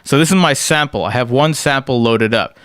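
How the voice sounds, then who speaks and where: A man's voice: mid-range voice, brisk. A man giving a casual screen-recorded music production tutorial. He explains step by step and often checks in with "right?".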